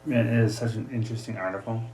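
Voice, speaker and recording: A man's voice: fairly low pitch, fairly even intonation, fast, mellow, slight background noise. A man with an Upper Midwest American accent hosting a casual solo podcast from his home office, jokey and talkative. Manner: chatty, jokey, acts out voices for gags. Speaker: podcast host. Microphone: desk mic, also streaming live.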